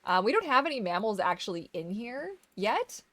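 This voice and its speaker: A woman's voice: fairly high pitch, very animated, moderate pace, fairly bright tone, no room sound. A woman chatting casually while streaming a game, slipping into doting baby talk to her dog. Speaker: gaming streamer. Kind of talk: casual gameplay chat.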